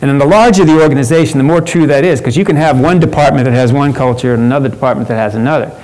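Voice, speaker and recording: A man's voice: medium pitch, rapid-fire, a little mellow, poor audio. A man presenting a workshop at a professional conference, talking conversationally with frequent fillers and restarts.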